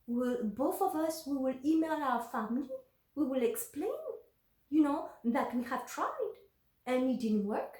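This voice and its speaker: Candid woman telling her story, echoey room. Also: fairly high pitch. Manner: candid, emotional, frequent fillers and restarts. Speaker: vlogger telling a personal story. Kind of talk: casual personal storytelling.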